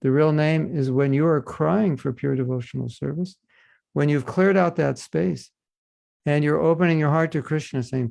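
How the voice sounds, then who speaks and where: Gravelly-voiced man giving a devotional class. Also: a little high, moderate pace, a little mellow, no room sound, studio quality. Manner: earnest, teaching with rhetorical questions. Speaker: spiritual teacher.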